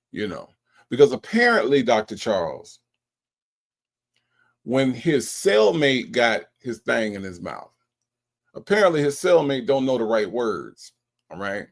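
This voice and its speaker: A man hosting a live stream, chatting casually and teasing his chat with an animated delivery. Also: mid-range voice, gravelly. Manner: animated, teasing, mocks chat with exaggerated voices. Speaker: livestream host.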